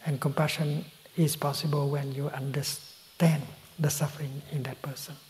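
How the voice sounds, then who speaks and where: A man in his eighties from Vietnam, a Buddhist teacher with a Vietnamese accent, giving a gentle, unhurried dharma talk in a soft, breathy voice that often drops to a whisper. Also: a little high, flat delivery, a little hiss or hum, rough recording. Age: 80s. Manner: gentle, soft-spoken, unhurried with frequent pauses. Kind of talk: dharma talk answering a question.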